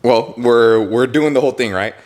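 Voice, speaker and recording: A man's voice: mid-range voice, normal speed. Young guy podcast host, hyped up, cussing n laughing thru a story, regular middle voice. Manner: excited storytelling, swears and laughs a lot. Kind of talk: casual chat.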